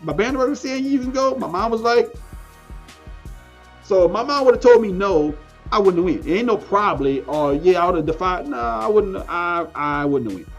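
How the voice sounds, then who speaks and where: A man's voice: high-pitched, animated, normal speed, soft background music. A man, a podcast guest telling a story in casual talk, often restarting and repeating phrases.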